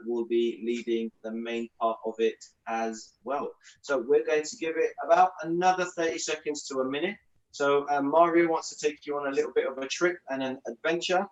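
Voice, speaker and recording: A woman leading a live home fitness class for children, cheerful and encouraging as she calls out moves. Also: rumbling low. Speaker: fitness instructor. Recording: echoey distant lo-fi room mic.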